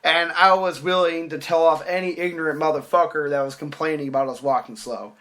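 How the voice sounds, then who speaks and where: A young man tells a story in a bright, edgy voice and a slightly high pitch. He acts out the people in it and swears freely. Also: brisk. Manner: animated, acts out quoted voices, swears casually. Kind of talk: casual podcast storytelling.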